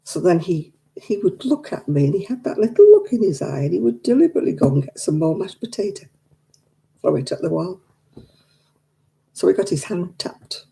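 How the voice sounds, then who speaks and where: A woman's voice: fairly low pitch, very animated, brisk, gravelly, warm tone. An older woman, telling stories in casual chat and acting out the dialogue. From England. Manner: chatty, acts out quoted dialogue. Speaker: craft night participant.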